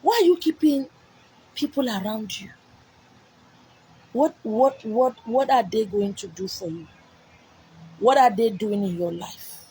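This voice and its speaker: A woman's voice: fairly high pitch, a little slow, long pauses, warm tone, slight background noise, rough recording. A woman with a Nigerian accent delivering a spiritual message, repeating herself emphatically and scolding with rhetorical questions. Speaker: spiritual messenger. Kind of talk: preached message to viewers.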